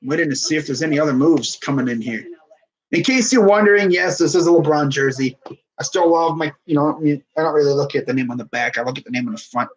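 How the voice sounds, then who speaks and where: A young man casually commenting on a live sports stream, excitable and rambling. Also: a little high, quick pace, rough recording. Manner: excitable, rambling, laughs often.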